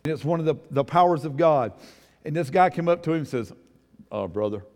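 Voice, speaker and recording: A middle-aged male pastor preaching a folksy sermon, calling on the congregation to answer and building to loud, emphatic peaks. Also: on the high side, fast. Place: church. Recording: long reverb of a church hall.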